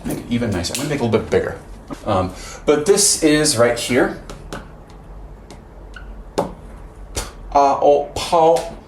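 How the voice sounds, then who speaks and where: A man's voice: medium pitch, expressive, unhurried, long pauses. A man giving a casual whiteboard lesson, rambling with lots of fillers and self-corrections. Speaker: language teacher. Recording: echoey room, faint background noise.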